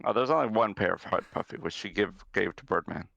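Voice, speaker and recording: A man's voice: low voice, fast talker, creaky, a bit bright, dry recording, muffled recording. A man narrating as game master of a tabletop game, wry and laid-back.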